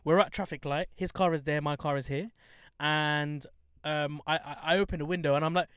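A young man, chatting casually and telling animated stories full of slang. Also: on the high side, fairly quick, clean tone, dry recording, clean studio sound. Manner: animated storytelling, heavy slang. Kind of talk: casual chat.

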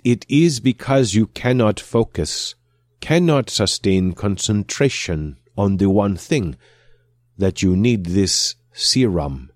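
A man voicing a calm, formal male alien who speaks in measured, stately phrases. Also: on the low side, no echo, clean studio sound.

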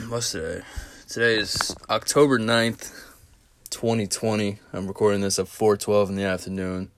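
A man's voice: lowish voice, fairly even intonation, normal speed, slight background noise. Groggy, profane young man podcasting solo. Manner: crude, profane, rambling storytelling. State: groggy, just woke from a nap. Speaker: podcast host. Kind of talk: casual solo podcast rant.

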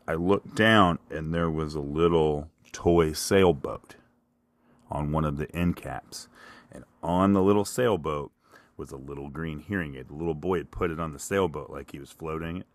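A man with a Kentucky accent telling a rambling, self-mocking comic story, jumping louder when he quotes himself. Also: a bass voice, no room sound. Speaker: podcast host. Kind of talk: storytelling monologue.

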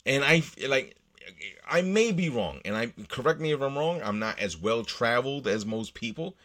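A man's voice: medium pitch, lively intonation, normal speed, fairly bright tone. A man in a mid-range voice, hosting his own show and talking on his own. He rambles and swears freely, restarting sentences and leaning on fillers as he works through his thoughts. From United States. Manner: rambling, profane, with frequent restarts. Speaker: podcast host. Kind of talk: casual solo monologue.

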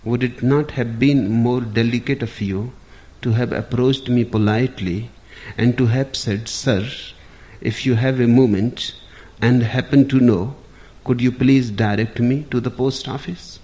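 A man voicing a gentle, courteous man who asks things politely and delicately. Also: mid-range voice, fairly even intonation, a little slow, lightly acted.

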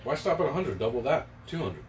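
A man's voice: fast, recorded from a distance. A man chatting as a podcast guest in a playful, teasing way. His voice swings widely up and down as he jokes. He sits a bit back from the mic, with faint noise behind him. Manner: playful, joking, jumps up in pitch when excited. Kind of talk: casual podcast chat.

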